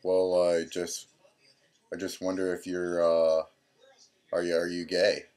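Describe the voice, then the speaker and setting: A man quoting his awkward, hesitant father in nearly his own low voice. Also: monotone, darkish tone. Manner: halting, hesitant. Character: awkward middle-aged father, plain and hesitant.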